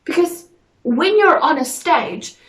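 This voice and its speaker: A woman gives a drama lesson in a slow, deliberate and instructive way. Her voice sits a little high and she speaks unhurriedly. The recording sounds roomy, as if the mic is some distance away. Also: animated. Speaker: drama teacher.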